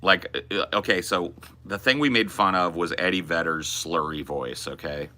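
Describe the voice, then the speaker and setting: A man's voice: sits low, normal speed, sharp tone. A man in his forties chatting casually as a podcast host, rambling and laid-back, with plenty of casual swearing. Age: 40s. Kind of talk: casual chat.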